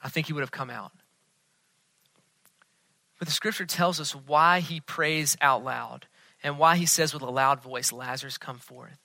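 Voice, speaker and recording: A man preaching a sermon as pastor, earnest, often dropping to a hushed tone for emphasis. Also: a little high, measured pace, creaky, long pauses, no room sound.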